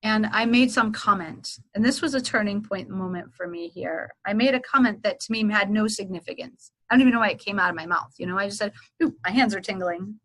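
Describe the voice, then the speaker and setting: A middle-aged Reiki teacher, appearing as an interview guest, casually and animatedly tells a story, acting out past conversations. Her medium-pitched voice moves quickly with few pauses, and the audio quality is poor.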